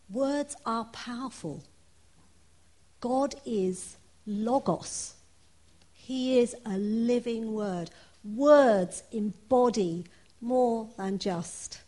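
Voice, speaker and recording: A woman preaching a sermon, reading scripture and then telling her own story in an earnest, personal way. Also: a little high. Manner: earnest, personal, with soft laughs.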